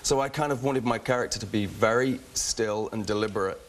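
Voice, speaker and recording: A man with an English accent, a guest actor talking quickly and chattily on a talk show, with frequent restarts. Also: fairly low pitch. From England. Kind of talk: casual talk show interview.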